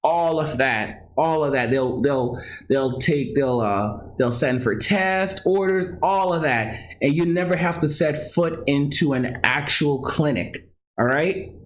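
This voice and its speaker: A man with a Long Island, New York accent, talking casually and excitably to livestream viewers, repeating himself and laughing. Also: a little high, takes it slowly, slight background noise. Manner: excitable, repetitive, addresses viewers as guys, often laughs. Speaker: crypto course seller and livestreamer.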